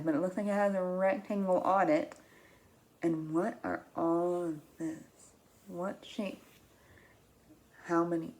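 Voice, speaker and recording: A woman teaching young children, reading a picture book aloud in an animated, expressive way, gasping and asking them questions. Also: on the low side. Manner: animated and expressive, with frequent gasps and drawn-out words.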